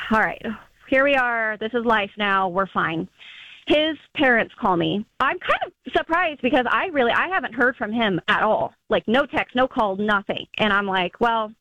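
Young woman calling in, high-ish voice, dry sound, rambling chatty story full of likes. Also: animated, normal speed, sharp tone, no echo, rough recording. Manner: chatty, lots of "like" fillers, acts out quotes. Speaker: caller. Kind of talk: casual phone-in storytelling.

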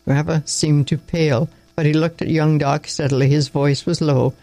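A man reading a story aloud in a steady voice, with occasional slips and restarts. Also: a little high, moderate pace, no room sound, poor audio. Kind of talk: storybook narration read aloud.

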